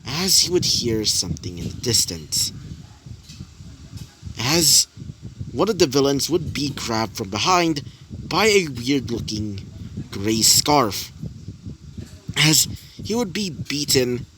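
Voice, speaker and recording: A young man telling a fan story off the cuff, rambling and stopping for fillers as he goes, at a middling pitch. A steady hiss of noise sits under the whole recording. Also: takes it slowly, long pauses. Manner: rambling, filler-heavy, repeats "as he would". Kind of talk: improvised fan-fiction narration. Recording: noisy home recording.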